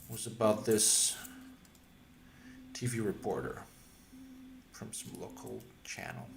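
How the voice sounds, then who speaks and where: A man's voice: fairly low pitch, reverberant, noisy background. A man casually retelling a story while drawing on a livestream, rambling and digressive. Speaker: streamer. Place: room with reverb.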